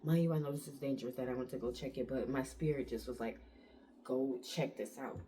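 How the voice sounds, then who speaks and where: Vlogger woman, low mellow voice, animated storytime delivery, faint hiss behind. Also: rapid-fire. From United States. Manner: animated retelling, acts out quotes, frequent "like" fillers. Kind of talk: casual storytime vlog.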